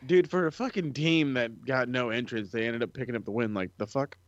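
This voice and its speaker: A man rants about wrestling in a profane, animated way, slipping into quick impressions of others. His audio sounds dull and lo-fi. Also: medium pitch, dry recording. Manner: profane, animated, mimics people. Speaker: podcast co-host. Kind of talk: casual wrestling chat.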